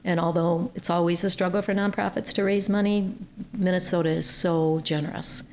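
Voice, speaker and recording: A woman's voice: on the low side, moderate pace, slight background noise. A woman from Ohio, a nonprofit chief executive, telling an earnest story as a podcast guest. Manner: earnest, animated when quoting others. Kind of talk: conversational storytelling.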